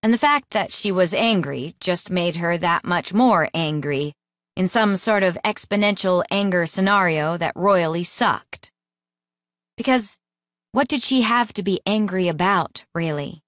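Lady reading a romance audiobook, expressive, dead dry close mic. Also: mid-range voice, no echo. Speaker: audiobook narrator. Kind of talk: scripted narration.

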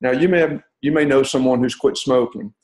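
A man's voice: mid-range voice, a little fast, darkish tone, roomy sound, poor audio. A man, a podcast guest teaching about change step by step. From Texas. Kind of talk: explanatory podcast interview.

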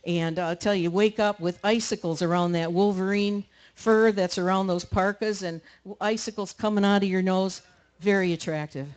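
A woman's voice: medium pitch, fairly even intonation, normal speed, darkish tone. A woman speaking at a camp meeting, telling a rambling, colloquial story to a live audience. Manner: chatty, rambling, colloquial with many restarts.

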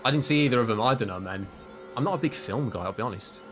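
With music playing underneath, this West Midlands gamer talks fast at a medium pitch, his intonation lively. Streaming gameplay live, he keeps things casual and self-mocking, reading viewers' chat in between outbursts at the game.

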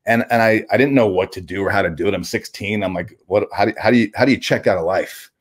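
A man being interviewed as a guest, telling a personal story candidly, halting often with restarts and casual swearing. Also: fairly low pitch, slightly rough.

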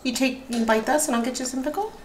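A mother speaks to her toddlers in a lilting, sing-song way, her voice rising and falling a lot. She sits a bit high for a woman. The room is echoey and there is steady noise behind her. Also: fast talker, recorded from a distance. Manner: sing-song coaxing toward small children. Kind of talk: casual family chat.

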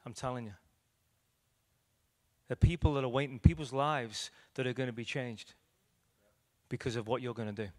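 A man's voice: mid-range voice, steady tone, normal speed, long pauses. A man, an evangelist preaching a storytelling sermon to a room, animatedly acting out the dialogue in his stories. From Liverpool, England. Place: church meeting room with audience.

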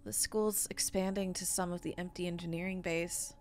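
A woman's voice: lowish voice, flat delivery, normal speed, darkish tone, slight background noise, pitched below the performer's own voice, lightly acted. A woman doing a prim, bookish young girl. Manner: prim, earnest.

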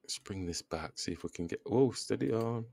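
Gravelly low-voiced Englishman mulling chess moves. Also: normal speed, darkish tone, dry recording, clean studio sound. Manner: thinks aloud, muttering move by move; self-deprecating, groans at his own blunders. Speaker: chess video creator. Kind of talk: casual live chess commentary.

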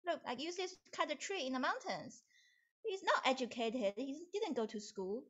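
A woman teacher narrating a puppet story for children over a video call, in an animated, playful way. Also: sits high, moderate pace, muffled recording. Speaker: music teacher.

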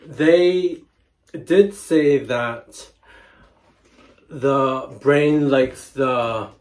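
Slow, easygoing man host. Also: mid-range voice, darkish tone. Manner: unhurried, hesitant, trailing off. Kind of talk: casual chat.

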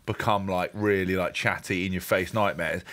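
A man's voice: sits low, fairly even intonation, moderate pace, fairly bright tone. A podcast co-host who teases his guests, laughs a lot and slips into mocking impressions in casual banter.

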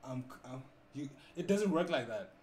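A man from South Africa livestreaming prank chats with strangers, teasing them with deadpan, playful banter. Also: medium pitch, normal speed. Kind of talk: prank chat with strangers on video call. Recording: echoey room with faint background noise.

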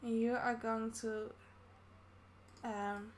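She speaks on the high side with a level tone, drawing out her words, while slight background noise sits behind her. The Dutch gaming YouTuber gives chatty, casual Let's Play commentary on a life-sim game, talking through every action she takes.

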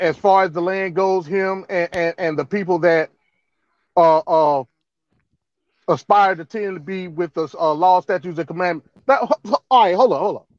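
A man's voice: high voice, dry recording, muffled recording. A male panelist asking a guest to restate his point, hesitating with many fillers.

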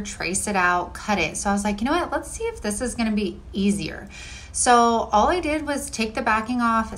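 A woman's voice: medium pitch, fairly bright tone. Bubbly woman chatting thru her diy decor project, lots of likes and ums, casual voice-over. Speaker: DIY home decor creator. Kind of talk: casual crafting voice-over tutorial.

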